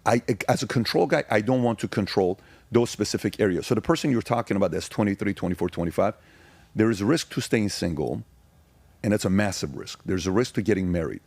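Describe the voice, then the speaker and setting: A man's voice: lowish voice, animated, quick pace, vocal fry, darkish tone, no echo. A middle-aged man giving his testimony as a podcast guest, speaking emphatically and telling stories, repeating phrases to drive points home.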